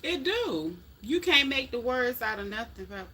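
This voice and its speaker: Middle-aged woman, bright and sharp tone, folksy casual live-stream chatter aimed at viewers. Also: mid-range voice, animated, normal speed, hardly any pauses, slight background noise. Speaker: livestream host chatting with viewers.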